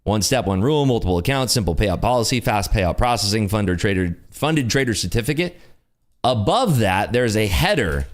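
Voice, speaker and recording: A man hosting a live day-trading stream, chatting in an upbeat, jokey way. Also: lowish voice. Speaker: day-trading livestream host. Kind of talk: casual live commentary.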